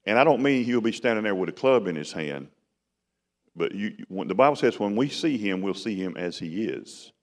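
A man's voice: lowish voice, expressive, normal speed. A man preaching a sermon in a conversational style that rises to emphatic bursts. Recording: long hall reverb.

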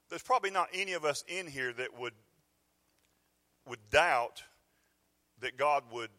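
A middle-aged pastor from Georgia, US, preaches a sermon in a church sanctuary. His medium-pitched voice is bright and forceful, folksy and conversational with bursts of emphasis.

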